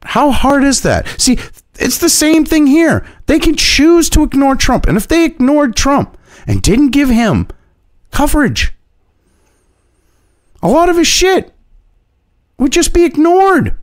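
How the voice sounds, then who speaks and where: A man's voice: extremely high pitch, big pitch swings, unhurried, pauses often, dry recording, clean studio sound. A man ranting as an online commentator, heated and mocking, swearing constantly. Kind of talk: profane opinion rant.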